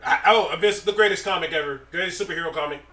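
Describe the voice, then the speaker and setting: A man co-hosting a casual chat, telling stories in a profane, animated way and laughing often. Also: on the high side, very fast. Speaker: podcast co-host.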